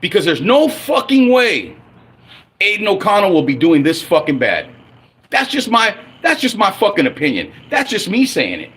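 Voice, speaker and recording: A man's voice: high-pitched, wildly swooping pitch, moderate pace, fairly bright tone, husky. A man in his forties ranting angrily and profanely as a fan on his own livestream. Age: 40s. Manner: angry, profane, blunt. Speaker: livestream host.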